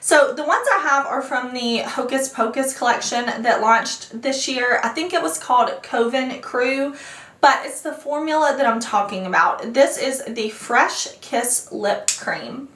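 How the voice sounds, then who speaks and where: Animated woman reviewing makeup, echoey room. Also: sits high, a little slow, recorded from a distance. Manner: animated, acts out her own reactions in a dramatic voice. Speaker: beauty vlogger.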